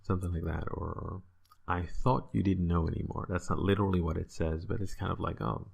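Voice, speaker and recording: A man's voice: sits low, fairly even intonation, a little fast, creaky, a little mellow, slightly rough. A man teaching a casual online language lesson, explaining patiently and checking in with "right?".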